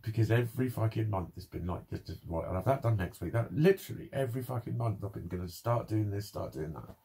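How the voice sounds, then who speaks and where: A man's voice: lowish voice, fast talker, creaky, dark tone, husky. A young man ranting in a personal vlog, swearing constantly and sounding frustrated and bitter. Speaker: vlogger. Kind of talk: angry personal vlog rant.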